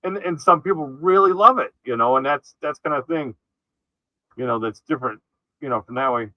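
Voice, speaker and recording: A man hosting a casual live video call chat, relaxed and full of fillers. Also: fairly high pitch, brisk, dry recording, lo-fi sound. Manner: relaxed, filler-heavy talk.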